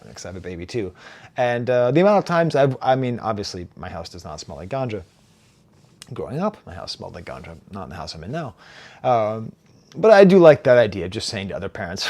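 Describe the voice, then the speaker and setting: A man in his forties giving a casual, animated album review, reading lyrics aloud and laughing at himself. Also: lowish voice. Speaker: music reviewer.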